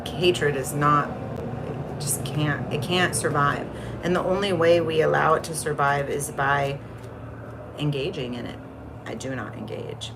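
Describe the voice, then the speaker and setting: Woman on a livestream, kinda low voice, chatty, rambly, greets folks in chat. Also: fairly even intonation, slow pace, pauses often, noisy background. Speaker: livestream host. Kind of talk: casual spiritual livestream chat.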